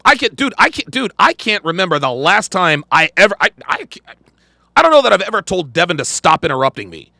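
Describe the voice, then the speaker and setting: Emphatic gravelly man ranting. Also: high-pitched, big pitch swings, a little fast, pushed and bright, dry recording. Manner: profane, emphatic, repeats lines. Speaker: podcast host reacting to a clip. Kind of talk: reaction commentary.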